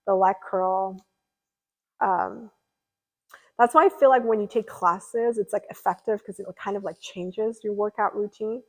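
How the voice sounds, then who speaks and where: A young woman talking to her stream in a loose, rambling way, full of fillers and asides. She chats casually as she answers viewer comments, at an ordinary middle pitch. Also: a little slow, poor audio. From California. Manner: chatty and rambling, lots of fillers. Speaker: livestreamer.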